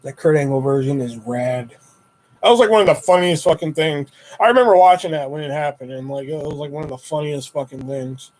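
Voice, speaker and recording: A young man hosting a casual livestream, rambling and swearing as he tells animated stories and jumps up high when he quotes himself. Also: brisk, slight background noise, low-quality recording. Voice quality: profane, rambling storyteller. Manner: animated retelling with high-pitched quoted exclamations. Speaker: livestream host. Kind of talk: casual live-stream chat.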